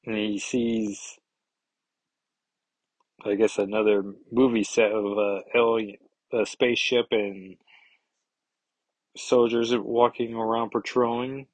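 A man's voice: on the low side, little pitch movement, slow pace, pauses often, no room sound, poor audio. A man hosting a podcast, casually recapping a comic book with wry, chatty asides. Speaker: podcast host.

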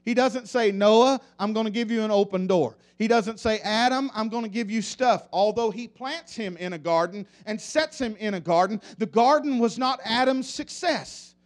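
A man's voice: high-pitched, moderate pace, hardly any pauses. A man preaching a sermon in church, leading the congregation in repeated call-and-response refrains.

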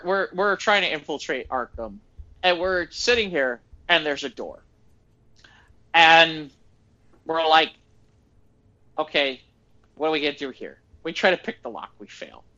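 A man chats casually with a bright, high, forceful voice. He tells his stories with animated energy and keeps slipping into the voices of the people he quotes. The recording sounds dull and lo-fi. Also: a little slow, pauses often. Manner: animated storyteller acting out quotes. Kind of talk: casual chat.

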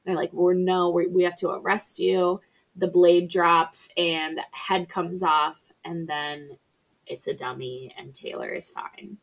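A woman with a husky, somewhat low voice narrates a horror film plot in a dry, sarcastic way. She mimics the characters' lines as she goes and keeps her tone casual and unhurried. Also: steady tone. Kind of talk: casual movie recap chat.

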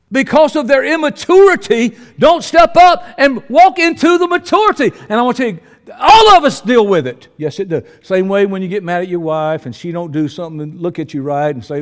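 Animated older preacher with a lively high voice. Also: male voice, long reverb tail. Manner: animated folksy storytelling, swinging between shouts and low asides. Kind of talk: sermon.

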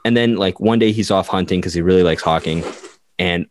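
A man's voice: deep voice, brisk, slight background noise. A man on a podcast telling history casually, full of "like", acting out the people he quotes. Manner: rambling, full of "like", acts out quotes. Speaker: podcast co-host.

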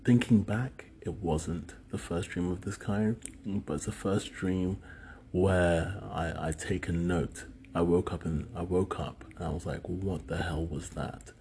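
A man's voice: low-pitched, fairly even intonation, a little slow, a little mellow, a little hiss or hum. A man in his thirties from the UK, musing alone in a rambling, hesitant way with many fillers. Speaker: solo speaker recounting dreams. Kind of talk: casual monologue.

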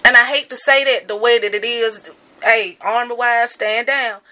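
Woman, bright forceful voice, slightly high; impassioned commentary. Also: fairly even intonation, normal speed. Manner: angry, emphatic and repetitive. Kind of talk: impassioned monologue.

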